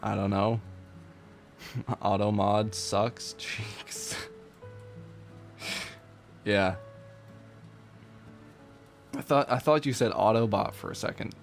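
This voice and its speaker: A low-voiced man chats casually and jokingly on a live stream, laughing often and answering his chat. Faint game music plays behind him. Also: very slow, vocal fry, long pauses. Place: warm room at home.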